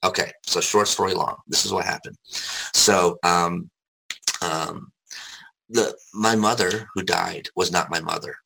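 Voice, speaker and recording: A man telling his life story in casual conversation, candid and rambling, swearing freely, with a gravelly, husky voice. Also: low voice, steady tone, a little slow, noisy background.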